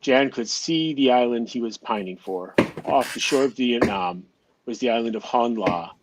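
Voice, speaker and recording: A man narrating an amateur audio drama in a steady reading voice, now and then stumbling and restarting a phrase. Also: mid-range voice, normal speed, very noisy.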